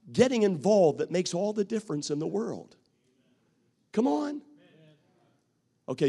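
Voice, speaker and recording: A man preaching a sermon as pastor, acting out what people say and rising to shouts at his peaks. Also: fairly high pitch.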